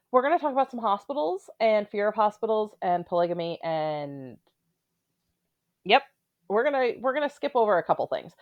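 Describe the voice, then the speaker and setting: A woman's voice: medium pitch, sing-song, moderate pace, pauses often, dry recording, phone-quality sound. A woman giving casual, opinionated commentary on a reality show, with blunt, sarcastic asides.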